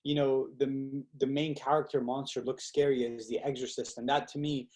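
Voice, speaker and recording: A young man as a podcast guest, telling stories in a lively, casual way and acting out quotes, with lots of "like" fillers. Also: mid-range voice, moderate pace. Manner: animated, acts out quotes with fillers like "like". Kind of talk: casual storytelling chat.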